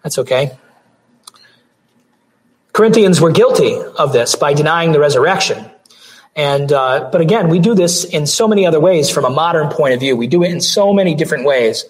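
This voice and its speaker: A pastor delivering a sermon, hoarse with his voice going out, earnest, with restarts and throat clearing. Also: on the high side, lively intonation, a little fast, low-quality recording.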